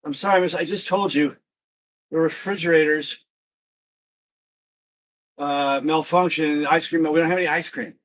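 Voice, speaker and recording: A man's voice: fairly high pitch, steady tone, normal speed, pauses often, a bit bright, natural voice. A man putting on the voice of a weary, patient grocery store clerk who keeps repeating himself.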